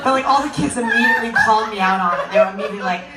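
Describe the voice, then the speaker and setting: A woman's voice: medium pitch, racing, distant mic. A young adult woman doing a stand-up comedy set, telling stories animatedly and putting on the voices of kids and friends. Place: comedy venue with audience. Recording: echoey live venue, crowd noise.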